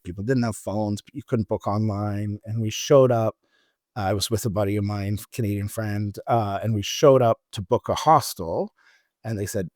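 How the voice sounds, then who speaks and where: A man's voice: medium pitch, no room sound, studio quality. A middle-aged man on a travel podcast, telling rambling anecdotes in casual chat with many restarts.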